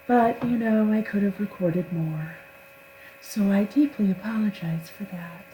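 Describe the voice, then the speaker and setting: A woman's voice: medium pitch, measured pace, mellow, slight background noise, rough recording. A woman voice actor talking casually to the camera, chatty and self-deprecating.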